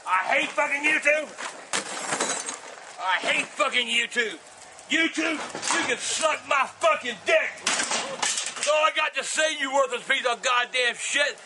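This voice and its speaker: An older man who rants at the camera in a profane, explosive way, swearing and shouting in bursts. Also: extremely high pitch, a little slow, pauses often, very noisy. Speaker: show regular, angry grandpa.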